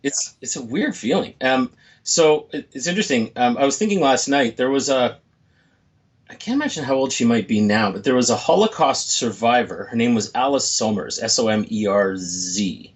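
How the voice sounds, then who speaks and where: A man's voice: mid-range voice, lively intonation, normal speed. A man in his forties, a motivational speaker, telling stories in a reflective, upbeat way during a casual interview.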